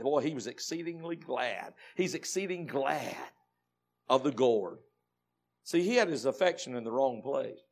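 A pastor with a Southern American accent preaches a dramatic Baptist sermon, dropping to low murmurs and rising to shouts.

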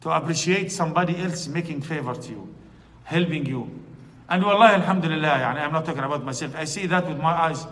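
A man's voice: a little high, fast talker, fairly bright tone. A male preacher with an Arabic accent, giving an emotional, storytelling-style sermon of Quran commentary in a mosque hall. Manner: emotional storytelling, rising to emphatic exclamations. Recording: long hall reverb.

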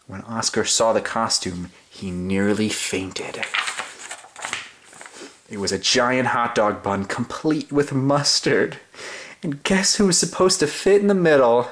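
A man's voice: mid-range voice, animated, takes it slowly, a bit bright. Playful young man reading a silly story. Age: young adult. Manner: playful, exaggerated, sing-song. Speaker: reader of a children's story.

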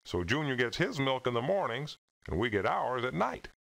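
A man's voice: mid-range voice, very animated, moderate pace, vocal fry, fairly bright tone. An actor voicing a plainspoken, friendly male farmer character in a children's computer game, with a homespun storytelling manner. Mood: folksy. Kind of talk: 1990s children's game voice acting.

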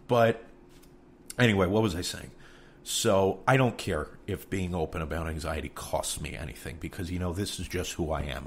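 Low-pitched and carrying a New York accent, this man hosts a podcast against slight background noise. He rambles openly and curses freely throughout.

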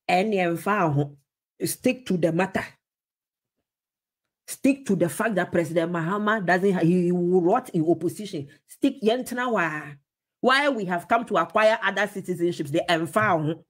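A Ghanaian woman giving animated political commentary, emphatic and laughing often. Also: lowish voice, moderate pace.

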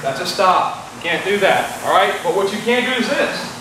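Picked up at a distance in an echoey space with background noise, this Texan-accented instructor talks at a normal speed in a high, expressive voice. He demonstrates a rowing test, explaining it plainly and repetitively and asking "okay?" as he goes.

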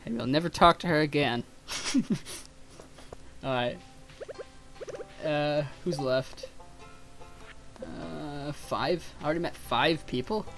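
A man giving casual, rambling gameplay commentary as a let's player. He swears freely and thinks out loud. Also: on the high side, unhurried, creaky, long pauses, soft background music. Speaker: let's play gamer.

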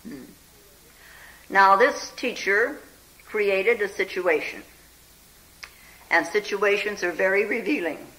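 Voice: medium pitch, bright, forceful tone, low-quality recording. A meditation teacher giving a conversational spiritual talk, telling a Zen story and often checking in with the listeners with a questioning "hmm?" or "huh?". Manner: unhurried and conversational, full of "you know".

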